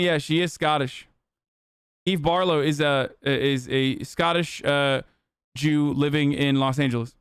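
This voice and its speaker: A young man doing live stream commentary, blunt and profane, talking fast, on a close streaming microphone. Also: fairly high pitch, fairly even intonation, a bit bright, clean tone, dry recording.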